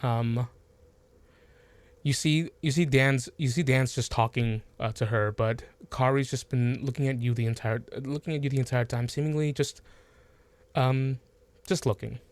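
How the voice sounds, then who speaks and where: A man narrates a tabletop fantasy session as game master at a middle pitch. He talks haltingly, with frequent ums and restarts. The recording is dry and close. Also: fairly even intonation, no echo. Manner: halting, many fillers and restarts.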